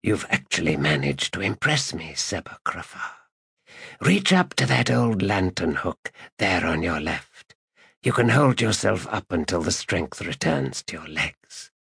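A man voicing a cold, controlled stranger who threatens an assassin in an audiobook, in a raspy near-whisper. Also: sits low, big pitch swings, a little slow, a bit bright, no room sound, clean studio sound, heavily acted. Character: menacing mysterious male stalker, cold and controlled. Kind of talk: audiobook narration.

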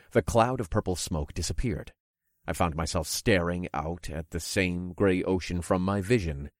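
A man reading a first-person fantasy story in a steady, descriptive way. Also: low voice, no room sound, studio quality. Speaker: narrator.

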